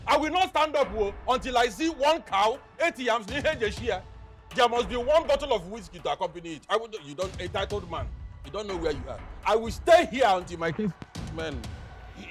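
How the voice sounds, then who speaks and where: A man's voice: sits high, lively intonation, brisk, soft background music. An actor playing a crude, boastful Nigerian chief who mocks his wife, with a Nigerian accent, recorded from a distance. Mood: stubborn. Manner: mocking, taunting, crude. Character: boastful philandering middle-aged chief, crude. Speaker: husband and chief. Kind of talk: Nollywood film acting.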